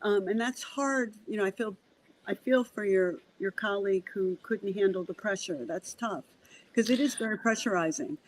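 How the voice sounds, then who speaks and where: A woman medium, a guest on a podcast, telling a story in a casual, animated way, acting out the dialogue and often restarting her sentences. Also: mid-range voice, normal speed, slight background noise, rough recording.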